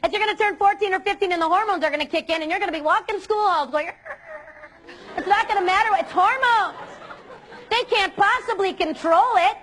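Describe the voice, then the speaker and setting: A woman's voice: very high voice, a bit bright. A woman youth speaker giving an earnest, emphatic motivational talk to students.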